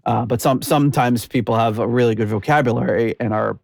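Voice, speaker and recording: A man's voice: medium pitch, a little fast, gravelly, no room sound. Rambling male podcast host, dry sound. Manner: rambling, lots of fillers and restarts, laughs easily. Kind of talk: casual podcast chat.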